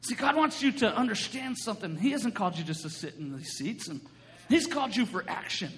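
Excitable preacher guy, really high voice, laughing and shouting as he tells the story, big echoey hall. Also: brisk. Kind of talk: sermon with storytelling.

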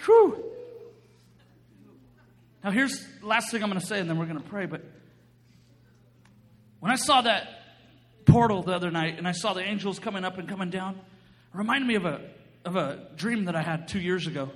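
A man preaching a sermon, telling a story with excitement, laughing often and breaking into shouts as he acts out what people said. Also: high-pitched, a little fast, pauses often, in a large hall.

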